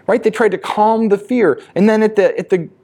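A man's voice: high voice, steady tone, a little fast, a little mellow. Male pastor, earnest emphatic sermon delivery. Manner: earnest, emphatic preaching with repetitions.

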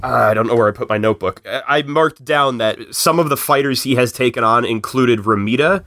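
A man recapping a film in casual podcast chat, telling it in an animated way and slipping into quick voices for the characters. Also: medium pitch, no room sound.

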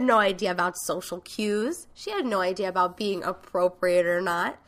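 A woman's voice: lowish voice, normal speed, hardly any pauses, fairly bright tone. A woman host and coach giving a frank, emphatic motivational talk, swearing casually now and then.

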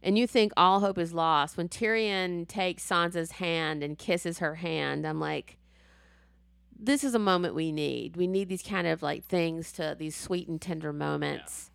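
A woman with a slightly low voice recaps a TV episode in excited casual chat. She swears freely and acts out the characters as she goes. The sound is close and dry. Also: unhurried, creaky, clean tone, no room sound.

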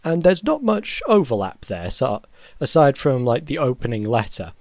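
A man's voice: mid-range voice, sing-song, normal speed, gravelly, darkish tone, no room sound. A young man rambles through a funny story in casual podcast chat. He trips over his words and restarts often, with chuckles breaking in. The sound is close and dry, with no room around it. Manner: rambling, laughing, self-correcting. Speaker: podcast co-host.

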